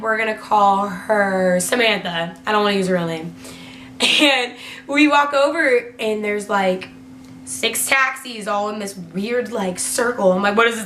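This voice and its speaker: A woman's voice: medium pitch, pushed and bright. A young woman telling a story in a casual vlog, chatty and filling her talk with "like" and the odd swear word. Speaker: vlogger. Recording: roomy echo with faint hum.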